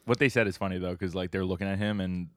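A man's voice: low-pitched, fairly even intonation, fast, no echo, studio quality. A man co-hosting a podcast, chatting casually with joking asides, lots of "like" fillers and casual swearing. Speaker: podcast co-host. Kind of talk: casual chat.

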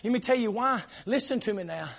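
A male pastor telling a story in an emphatic sermon, often shouting and laughing as he preaches. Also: high voice, lively intonation, a little fast, vocal fry.

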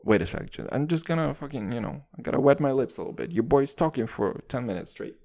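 Ranting comically at a quick pace, this male podcast host, a native Russian speaker, curses freely and keeps saying "dude." His mid-range voice swings widely in pitch.

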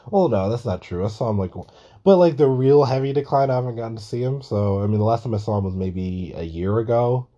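A man's voice: mid-range voice, fast, lo-fi sound. A young man telling a story in a casual monologue, swearing a lot and laughing as he goes. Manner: profane, animated, laughs through a story. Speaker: vlogger.

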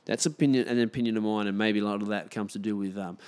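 A man's voice: lowish voice, fairly even intonation, fast talker, darkish tone. A man hosting a podcast, giving his opinions in a rambling, swearing monologue full of restarts.

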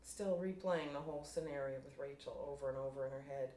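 Woman writer reads own story, low voice, echoey room off-mic. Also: quick pace, dark tone. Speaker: writer reading her story. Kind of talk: reading her own fiction aloud. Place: room at a writers' group meeting. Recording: roomy room, distant mic, faint noise.

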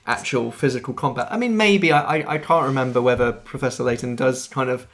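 A man co-hosting a podcast in casual chat reviewing a film, easygoing and quick with quips. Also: medium pitch, a bit bright. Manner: easygoing, adds details and quips. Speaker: podcast co-host.

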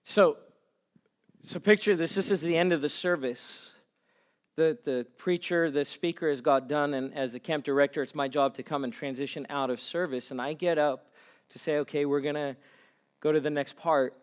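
A male pastor preaching a sermon, telling a story and rising to loud, fervent passages. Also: a little high, normal speed. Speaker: pastor and camp director.

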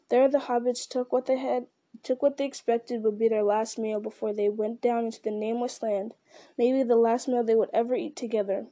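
A woman's voice: on the high side, warm tone. A woman reading a story aloud, steadily, with the occasional restart. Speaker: reader.

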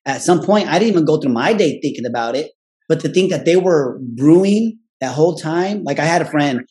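A man's voice: on the high side, lively intonation, darkish tone. A man shares a candid personal story in loose, profane talk. He ends nearly every phrase with a questioning "right?" and briefly slips into his relatives' voices as he quotes them. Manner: profane and blunt; acts out family members in quick quoted voices.

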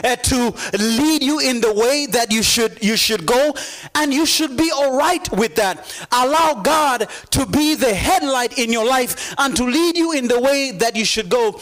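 A man's voice: extremely high pitch, animated, measured pace, fairly bright tone. A man preaching a sermon, building to emphatic repeated calls and often stammering through restarts. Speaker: pastor.

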